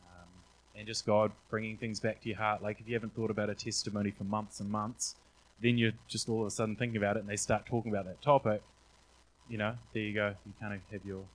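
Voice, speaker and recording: A man's voice: lowish voice, slight background noise, low-quality recording. A young man, casually sharing faith testimonies with lots of "um" and acted-out quotes. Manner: rambling, frequent "um", acts out quotes. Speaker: church member sharing testimonies.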